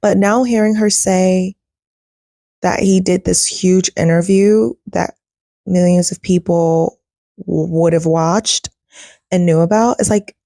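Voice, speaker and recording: Gravelly, mellow-voiced woman commentator. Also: fairly low pitch, fairly even intonation, slow pace, no room sound, studio quality. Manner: chatty, addresses viewers as y'all. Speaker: host. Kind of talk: casual commentary reacting to a video.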